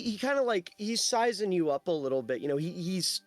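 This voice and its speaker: A man's voice: high-pitched, sing-song, fairly quick, soft background music. A man narrating a tabletop game as game master, loose and rambling with many fillers.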